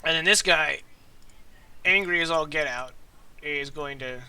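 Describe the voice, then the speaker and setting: A man narrating as game master of a tabletop game, describing scenes in a lively, chatty way with fillers. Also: a little high, unhurried, creaky, long pauses, noisy background.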